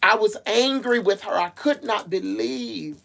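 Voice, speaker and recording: A woman vents to her livestream viewers, emotional and fired up, restarting sentences and saying things again and again. Her medium-pitched voice is creaky but fairly bright, and she talks a little slowly.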